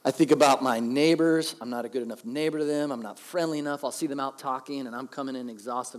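A man's voice: mid-range voice, fast, in a large hall. A man in his thirties, a pastor, preaching a conversational, self-deprecating sermon and acting out quotes.

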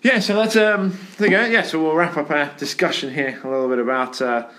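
A man's voice: on the high side, steady tone, brisk, a bit bright. A man hosting a casual podcast chat in an office, telling a rambling story with plenty of fillers. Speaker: podcast host.

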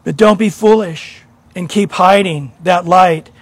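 A man's voice: high voice, measured pace, breathy edge, no room sound. A man preaching a sermon to a church congregation, earnest and questioning, often repeating a word as he starts. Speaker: pastor.

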